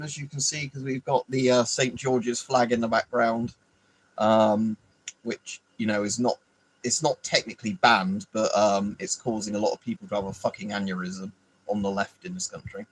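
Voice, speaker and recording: A man chats loosely on his live stream, drifting between subjects with plenty of fillers and the odd swear word. His voice sits at an ordinary middle pitch, and he reacts to viewers' comments by name as he goes. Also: steady tone, normal speed, low-quality recording. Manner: rambling, swears freely, answers chat by name. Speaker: livestream host. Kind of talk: casual live chat.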